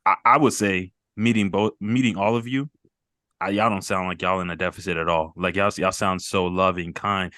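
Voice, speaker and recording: A man's voice: low voice, a bit bright, dry recording, studio quality. A man hosting a mental health group call, talking earnestly and rambling, repeating words and laughing off his emotions.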